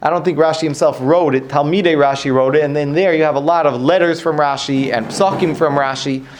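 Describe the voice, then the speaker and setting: A man teaches a Talmud lesson in a slightly raised voice. He works through the argument out loud, restarting phrases and posing rhetorical questions. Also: on the high side, fairly even intonation, fairly quick, a little hiss or hum. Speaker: Torah teacher.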